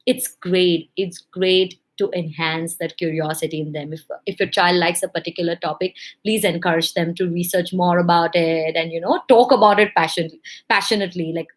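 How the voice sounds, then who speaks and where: Young woman chatting to parents about raising kids, animated, playful. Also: lowish voice. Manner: lively, animated, acts out parents and kids in quotes. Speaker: parenting educator. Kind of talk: casual instructional talk to parents.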